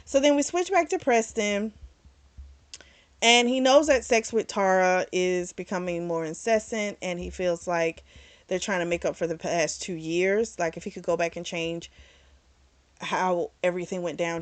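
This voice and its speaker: A woman's voice: on the low side, steady tone, unhurried, no room sound. A woman recapping a novel's plot in a casual, chatty way, filling her speech with "like" and "um" and swearing now and then. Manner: chatty, retells plot in quoted voices, frequent "like" and "um". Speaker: book reviewer. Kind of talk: casual book review recap.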